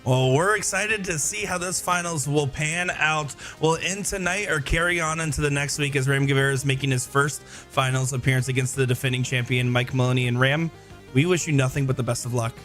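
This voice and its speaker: Male sports interviewer, fast and upbeat, faint music under. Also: mid-range voice, fairly even intonation, fairly bright tone. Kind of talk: scripted broadcast promo.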